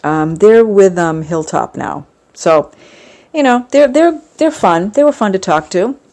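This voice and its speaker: A woman's voice: mid-range voice, animated, measured pace, darkish tone. A woman in a casual chat, talking in a rambling, gushing way with plenty of fillers. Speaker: vlogger recounting a fan convention.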